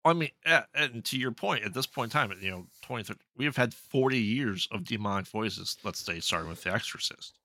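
A man's voice: lowish voice, expressive, brisk, few pauses, bright, forceful tone, dry recording. A man co-hosting a podcast, chatting casually about a film in a laid-back way, often giving short agreeing replies. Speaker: podcast co-host. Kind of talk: casual film review chat.

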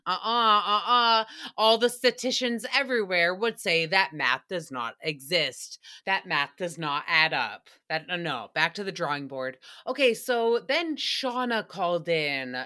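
A woman's voice: medium pitch, pushed and bright. A woman hosting a solo recap podcast, chatting in a sarcastic, rambling way full of tangents. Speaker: podcast host.

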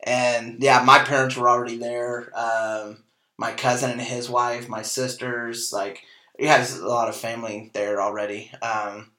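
Bright-voiced man telling a story in an echoey room. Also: mid-range voice, unhurried. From Kansas, US. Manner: animated storyteller, acts out quoted dialogue, frequent fillers. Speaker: podcast host. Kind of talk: casual personal storytelling.

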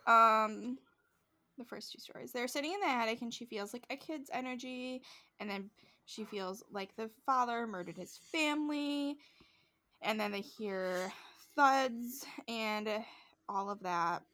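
A young woman with a fairly high voice chats through a story for her podcast co-hosts. She rambles a little, leans on filler words, and slips into other people's voices as she quotes them. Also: measured pace, sharp tone. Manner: rambling retelling with many likes and quoted voices. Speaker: podcast co-host. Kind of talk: casual storytelling chat.

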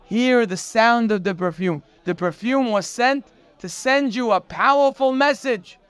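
High-voiced man teaching a Torah class. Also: a little slow, smooth. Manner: animated storytelling, sprinkled with Hebrew terms. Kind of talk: daily morning Torah class.

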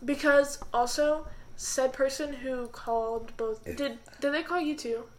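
A woman's voice: sits high, fairly even intonation, measured pace. A young woman co-hosting a podcast, chatting casually, giggly and a little hesitant. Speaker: podcast co-host. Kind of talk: casual chat.

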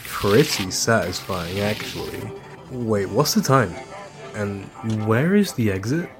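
A bored, whiny young gamer, played by a man in a skit advert. Music plays clearly behind his mid-pitched voice. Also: animated, slow.

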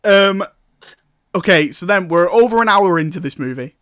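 A man's voice: high voice, lively intonation, moderate pace, fairly bright tone, no echo, clean studio sound. A man casually recapping a film, rambling and amused, with sarcastic asides and frequent laughter. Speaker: film reviewer.

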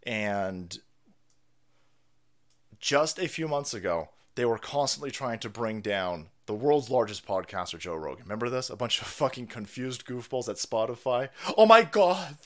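A man's voice: mid-range voice, animated, moderate pace, fairly bright tone. A man hosting a live stream, ranting with profanity and sarcasm. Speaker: host. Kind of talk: live-stream political rant.

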